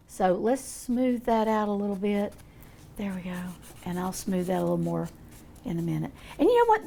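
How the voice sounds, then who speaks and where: Folksy gravelly older woman teaching painting. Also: mid-range voice, a little mellow. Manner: chatty, folksy, thinking aloud while painting. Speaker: art teacher. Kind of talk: painting demonstration.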